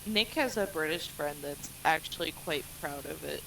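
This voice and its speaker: A woman's voice: sits low, normal speed, gravelly, fairly bright tone, a little hiss or hum, rough recording. A woman in her thirties chatting loosely and swearing while playing a game on a stream. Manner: loose, swears, laughs often. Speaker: co-player on a stream. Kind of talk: casual chat while gaming.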